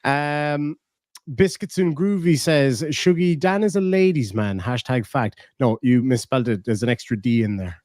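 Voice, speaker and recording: A man's voice: mid-range voice, moderate pace, darkish tone, no room sound, studio quality. A man hosting a livestream, reading out donations and telling profane, jokey stories in casual chat. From Ireland. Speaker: livestream host.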